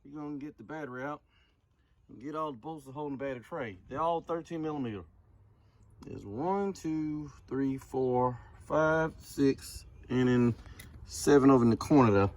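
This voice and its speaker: A man's voice: mid-range voice, normal speed, a little mellow. Profane, sarcastic DIY car mechanic man. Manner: profane, sarcastic, laid-back. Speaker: DIY car repair vlogger. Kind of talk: casual how-to narration. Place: garage or driveway, working on a car.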